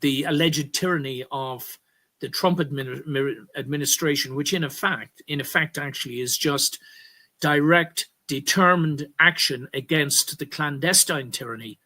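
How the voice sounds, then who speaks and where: With a sharp tone and an unhurried pace, an Irishman hosting political commentary wanders through his points. His voice runs high, and he keeps correcting himself and landing hard on important words in emphatic bursts.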